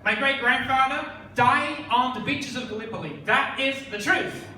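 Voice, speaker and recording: Sardonic Australian comic in an echoey club. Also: male voice, extremely high pitch, normal speed, sharp tone. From Fremantle, Western Australia. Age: 20s. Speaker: stand-up comedian. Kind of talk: stand-up comedy set. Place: comedy club stage. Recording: echoey club, distant mic, noisy.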